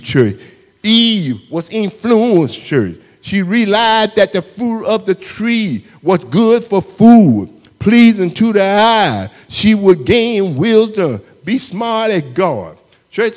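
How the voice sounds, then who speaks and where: A man preaching a sermon, slowly and steadily, repeatedly calling out to the congregation in a church sanctuary. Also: high-pitched, a little mellow. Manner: slow, repetitive call-outs to the congregation. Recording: long hall reverb in a church.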